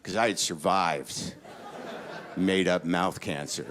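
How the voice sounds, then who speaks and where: A man's voice: sits low, fairly even intonation, takes it slowly, heavy background noise. A middle-aged man doing stand-up, telling a story in a neurotic, profane rant and jumping up into panicked quoted lines. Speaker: stand-up comedian.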